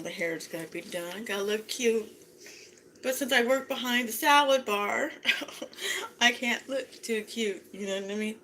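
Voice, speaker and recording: A woman with a bright, clear voice talks casually to her viewers while she eats, breaking off to savor each bite. Faint clinks of cutlery and dishes sound in the background. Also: mid-range voice, slight background noise, rough recording. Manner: chatty, savoring food aloud with frequent mm sounds. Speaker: vlogger. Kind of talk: casual chat while eating.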